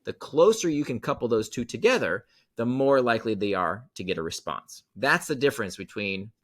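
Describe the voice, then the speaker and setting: Speaking as a guest on a podcast, a man uses animated storytelling to get ideas across, driving them home emphatically by repeating key phrases. His voice sits at medium pitch with a fairly bright tone.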